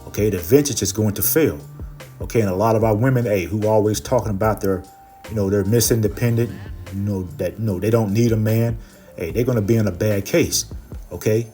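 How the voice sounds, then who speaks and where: Low mellow-voiced man preaching. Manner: peppers talk with "okay" and "you know"; reads verses slowly and louder. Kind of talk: scripture teaching.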